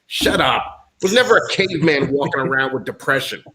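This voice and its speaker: A man's voice: mid-range voice, sing-song, moderate pace, hardly any pauses, bright, forceful tone. A man from the United States, a guest in a casual chat, talking bluntly with lots of swearing and ranting.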